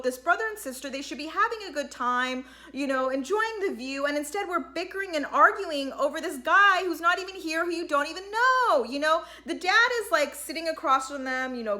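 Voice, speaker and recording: A woman with a high, bright voice talks through a reality episode in a loose, rambling commentary. She sounds exasperated with the cast and keeps slipping into quick imitations of what they said. The delivery is chatty and full of filler. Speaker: reality TV recap vlogger. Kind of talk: casual recap commentary.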